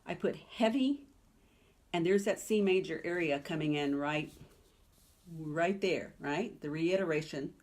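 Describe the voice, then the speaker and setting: A woman's voice: deep voice, a little slow, darkish tone. A woman piano teacher giving a teaching webinar in a chatty, emphatic way, often checking in with "okay?" and "right?".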